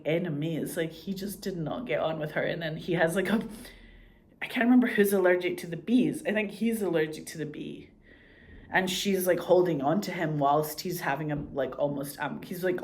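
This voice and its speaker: Low-voiced woman chatting casually. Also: darkish tone. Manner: chatty, swears freely, acts out quoted lines. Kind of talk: casual chat about TV shows.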